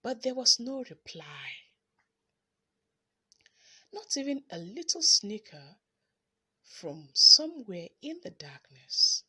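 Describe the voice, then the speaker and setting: A woman reading a children's story aloud in an expressive, dramatic storytelling manner. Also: on the high side, takes it slowly, long pauses, slightly rough.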